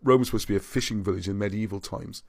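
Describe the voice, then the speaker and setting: A man's voice: on the low side, racing, creaky, darkish tone, dry recording. A man hosting a livestream and reading out viewer comments, rambling and often restarting his sentences. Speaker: livestream host.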